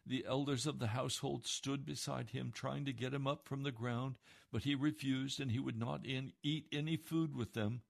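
Male preacher, gravelly, mid-pitched, impassioned sermon delivery. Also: fairly even intonation, normal speed. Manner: impassioned, swings from hushed to pleading.

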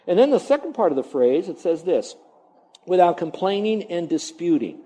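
A man's voice: fairly high pitch, very animated, moderate pace, dark tone, rough recording. A man preaching a sermon as a pastor, emphatic and repetitive, now and then mimicking grumbling.

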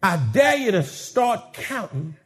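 Man, preacher, sermon, fervent, swooping pitch, unhurried. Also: very animated. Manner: fervent, chanting hymn lines, shouting.

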